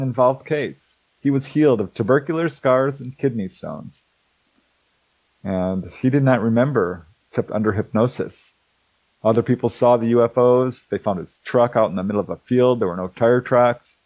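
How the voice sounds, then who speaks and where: A middle-aged man telling stories in a casual, animated way, acting out the people he quotes and laughing often. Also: medium pitch, moderate pace, no room sound, poor audio. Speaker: host, author on alien abduction cases. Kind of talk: casual storytelling talk.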